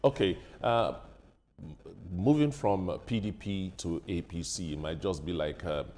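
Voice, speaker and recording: A man hosting a TV news panel, asking measured questions built around an analogy and laughing along with guests. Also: low voice, a little mellow, a little hiss or hum. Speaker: news show host. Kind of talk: TV interview questioning.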